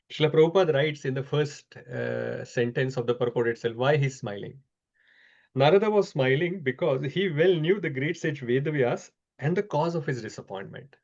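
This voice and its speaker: A man teaching a scripture class over an online call, explaining slowly with frequent pauses. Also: mid-range voice, creaky, a little mellow, dull audio.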